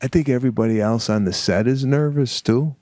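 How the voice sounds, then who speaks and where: A middle-aged man, a comedian co-hosting a podcast, telling a story with animated energy and acting out the dialogue. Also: mid-range voice, no room sound, studio quality. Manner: animated, acts out dialogue, fast bursts. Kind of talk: comic storytelling.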